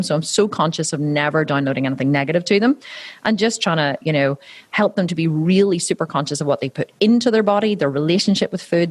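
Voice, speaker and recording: A woman talks freely in an interview. She tells stories with animation and drops quick voiced asides into her talk. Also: low voice. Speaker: interviewee, fitness coach and athlete. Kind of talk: conversational interview.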